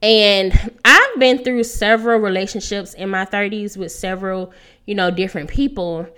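A woman's voice: medium pitch, moderate pace, bright, forceful tone, clean tone. A thirty-year-old woman hosting a solo podcast, talking in a casual, earnest way and laughing often. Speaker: podcast host.

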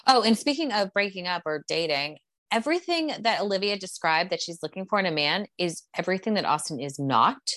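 A woman's voice: on the low side, animated, fairly quick, fairly bright tone, no room sound. A woman co-hosting a podcast, chatting frankly and casually with lots of fillers. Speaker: podcast co-host. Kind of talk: casual chat about reality TV.

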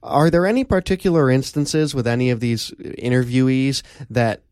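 A man hosting an interview, asking measured, thoughtful questions. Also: mid-range voice, animated, darkish tone, no echo, clean studio sound. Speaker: podcast host.

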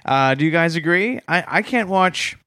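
A man co-hosting a comedy podcast, chatting casually with a deadpan joking manner. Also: fairly high pitch, moderate pace, no echo, clean studio sound. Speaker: podcast co-host.

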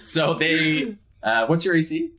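A young man narrating a tabletop game as game master, relaxed and hesitant. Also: a little high, unhurried, a loud crowd.

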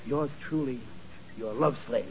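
A man's voice: mid-range voice, unhurried, a loud crowd, close to an everyday voice. An actor playing a blustering, flustered working-class father who talks in bad grammar, in a 1940s radio sitcom with a muffled old broadcast sound. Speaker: sitcom lead.

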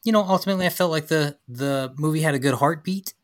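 A man's voice: a little high, quick pace, no room sound, clean studio sound. A man co-hosting a casual movie-review podcast. He talks thoughtfully, weighs his words and repeats his key phrases. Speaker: podcast co-host.

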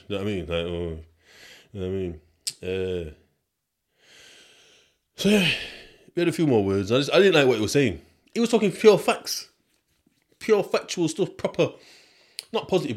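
A man's voice: medium pitch, darkish tone. Young guy rambling on his podcast, lots of slang, chatting straight to the listeners. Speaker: podcast host. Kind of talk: casual storytelling monologue.

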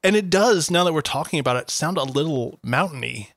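A man co-hosts in casual chat, full of sarcastic jokes and offhand swearing. His voice sits a little high for a man. The sound is close and dry, with no room around it. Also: expressive, brisk, gravelly, fairly bright tone, no room sound. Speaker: podcast co-host.

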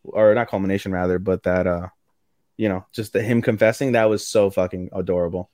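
A man co-hosting a casual anime podcast, recapping episodes in a lively way and swearing often. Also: low voice, brisk, dry recording, studio quality. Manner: animated, swears often, acts out character quotes. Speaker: podcast co-host.

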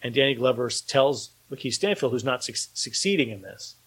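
A man's voice: mid-range voice, expressive, brisk, fairly bright tone, breathy edge, rough recording. A man hosting a casual talk show, rambling enthusiastically with many restarts. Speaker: podcast host and filmmaker. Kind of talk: casual chat.

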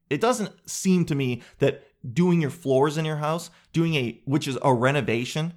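A man's voice: on the high side, moderate pace, few pauses. A man hosting a solo podcast, rambling through jokey riffs with crude asides and self-mocking tangents. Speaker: podcast host. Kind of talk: solo comedic podcast chat.

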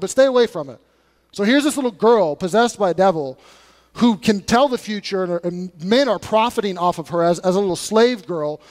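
A male pastor preaching a sermon in an emphatic, conversational way, with blunt warnings. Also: very high voice. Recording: long reverb of a large room.

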